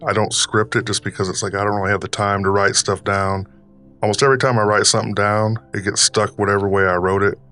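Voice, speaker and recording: A man doing a deep folksy old Southern grandpa. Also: level tone, fast talker, pushed and bright. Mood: rambling. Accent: put-on Southern US. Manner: drawling, loose, lots of fillers. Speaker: podcast host. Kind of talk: casual rambling chat.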